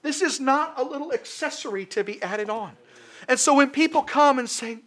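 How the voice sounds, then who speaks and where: A male preacher delivering a sermon in a high, ringing voice. He hammers his points home with emphatic repetition. His delivery is impassioned throughout. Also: moderate pace, fairly bright tone.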